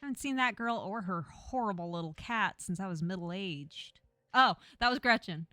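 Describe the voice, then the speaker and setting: A woman streamer from Texas talking casually through a story game and tossing jokey asides to her chat. Her voice is bright and forward, with a close, dry sound and no echo. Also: medium pitch, animated, moderate pace. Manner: chatty, jokey asides to viewers. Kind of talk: casual gameplay commentary, reading a story game aloud.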